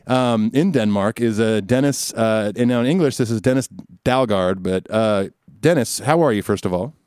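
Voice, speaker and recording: A man in his forties hosting a casual interview, easygoing and quick to joke and laugh. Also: fairly low pitch, darkish tone, clear, resonant tone, no room sound. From United States. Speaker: podcast host.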